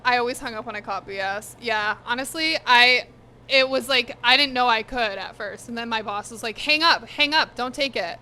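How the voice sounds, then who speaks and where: Eating on a cooking live stream in her home kitchen, a woman talks bluntly and casually with viewers, cursing freely and at times speaking with food in her mouth. Her fairly high voice sounds pushed and bright at a moderate pace.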